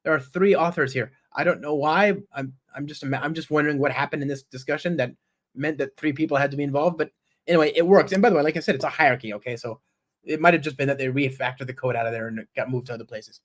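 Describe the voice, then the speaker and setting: A man's voice: a little high, fast talker. A man giving a live-coding presentation at a conference, chatty and enthusiastic, often checking in with the audience with "right?" and "okay?" while he types code aloud. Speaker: conference speaker.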